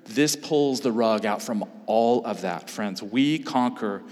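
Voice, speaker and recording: A man's voice: mid-range voice, slow, darkish tone. A man preaching a sermon in earnest, building to emphatic peaks. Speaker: pastor. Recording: long hall reverb.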